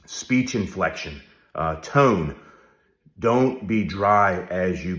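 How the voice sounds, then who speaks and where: Deep-voiced man giving direct advice. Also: expressive, slow pace, a bit bright. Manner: direct, coaching, frequent "all right?" check-ins. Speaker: leadership speaker. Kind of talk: direct-to-camera advice talk. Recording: roomy echo.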